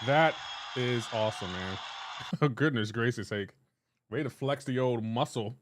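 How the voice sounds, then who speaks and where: A man's voice: mid-range voice, unhurried, background noise. A young man live-streaming a game, chatting casually with his chat and teasing them in playful banter. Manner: teasing, banter-heavy, breaks into laughter.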